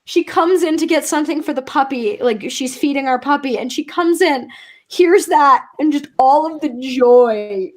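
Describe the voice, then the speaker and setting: A woman on a podcast panel telling an animated anecdote, full of "like" fillers. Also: high voice, normal speed. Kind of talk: casual storytelling in a group chat.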